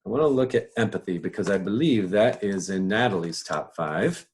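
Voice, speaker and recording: A man coaching on personal strengths in a casual live talk to an audience. He chuckles often and slips into quick voices as he talks. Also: on the low side, expressive, darkish tone.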